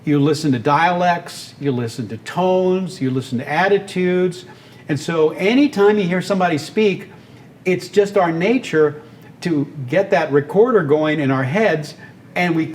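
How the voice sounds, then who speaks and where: A man's voice: a little high, unhurried, slight background noise. An older man, a radio and voice performer, telling stories as an interview guest with enthusiasm. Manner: animated, enthusiastic storyteller. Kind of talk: storytelling interview talk.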